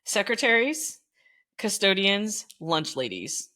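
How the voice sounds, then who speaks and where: A woman's voice: mid-range voice, takes it slowly. A middle-aged woman, a former teacher, telling school stories in casual chat with lots of laughter. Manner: animated, laughing storyteller.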